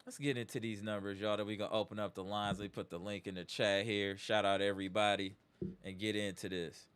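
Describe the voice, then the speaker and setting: A man's voice: on the low side, little pitch movement, a little fast, a bit bright, clear, resonant tone. A man hosting a live sports reaction stream, ranting emphatically with slang and repeated catchphrases before settling into a game breakdown. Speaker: sports talk show host.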